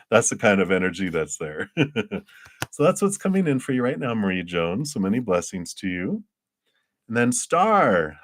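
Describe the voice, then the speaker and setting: A man doing live-streamed tarot readings, chatty, laughing often and acting out quoted voices. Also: deep voice. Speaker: tarot reader.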